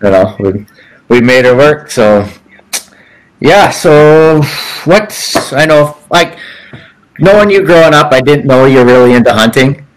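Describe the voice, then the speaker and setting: A man's voice: mid-range voice, lively intonation, a little slow, slight background noise, poor audio. A man hosting a casual chat, asking rambling, laid-back questions. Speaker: podcast host.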